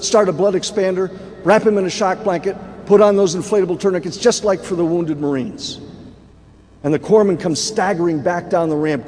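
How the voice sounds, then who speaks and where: A man's voice: sits high, darkish tone, a little hiss or hum. A man in his sixties giving a dramatic speech at a banquet, telling vivid war stories. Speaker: keynote speaker. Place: large banquet hall. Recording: echoey hall, faint room ambience.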